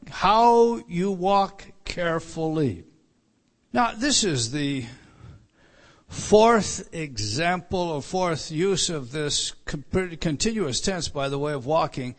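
During an evening Bible teaching, a slightly high-voiced man goes through the verses one by one, putting emphasis on every line he quotes. Starting sentences, he tends to say a word twice.

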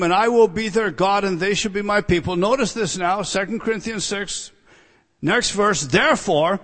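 A high-pitched man preaches with heavy emphasis, punching key words and then sinking into hushed asides. His voice rings through a large hall with a long reverb tail. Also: normal speed. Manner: emphatic, drops to quiet asides. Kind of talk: expository sermon.

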